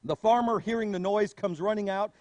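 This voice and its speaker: A man preaching a sermon as a pastor, telling stories with animated asides. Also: sits high, fairly quick, no echo.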